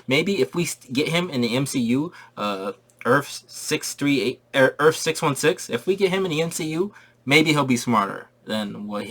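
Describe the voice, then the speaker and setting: A man giving a casual spoiler review of a movie, excitable and slangy, repeating his points for emphasis. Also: medium pitch.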